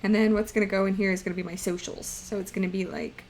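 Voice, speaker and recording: A woman's voice: medium pitch, steady tone, fast, vocal fry, a little hiss or hum. A young woman streaming live, chatting playfully and rambling to her viewers while she draws. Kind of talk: casual live-stream chat while drawing.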